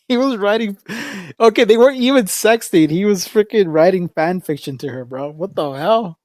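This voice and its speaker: A man's voice: high voice, expressive, a little slow, pauses often, dry recording. Joking, rambling streamer man, dry sound. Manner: rambling, joking, laughs often, says "bro". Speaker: livestreamer. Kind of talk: casual livestream chat.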